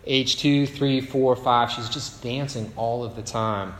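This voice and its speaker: A man's voice: medium pitch, fairly even intonation, a little slow, fairly bright tone. Man preaching in an echoing hall. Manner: storytelling, rhetorical asides. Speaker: pastor. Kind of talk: sermon. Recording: echoey hall with faint ambience.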